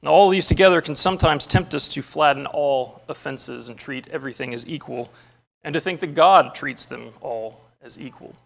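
A male preacher with a gravelly voice delivering a sermon. He tells a story first, then teaches earnestly and emphatically, quoting scripture. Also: on the high side, moderate pace.

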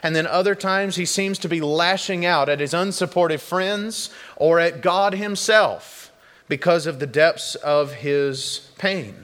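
A man's voice: on the high side, unhurried, a bit bright, in a large hall. A male pastor preaching a sermon in an earnest, conversational way, often repeating and restarting phrases.

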